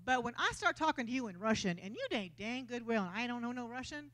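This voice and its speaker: A woman preacher with a Texan accent speaks fast, her pitch fairly high, as she gives a vibrant, conversational sermon in church. She acts out each quote as it comes up.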